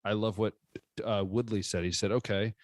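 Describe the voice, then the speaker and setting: A man's voice: lowish voice, fairly even intonation, normal speed, no room sound. A man co-hosting a sports podcast in casual chat, frank and opinionated, often cutting in with his own takes.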